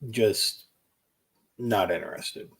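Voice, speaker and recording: Blunt, opinionated man with a low voice. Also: takes it slowly, vocal fry, fairly bright tone. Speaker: co-host. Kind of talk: casual chat.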